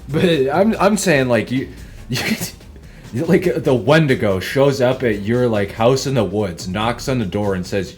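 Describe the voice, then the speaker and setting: A man's voice: mid-range voice, measured pace, faint music behind. A young man giving casual gameplay commentary as a streamer, rambling and swearing, and laughing often at his own tangents. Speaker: gaming streamer.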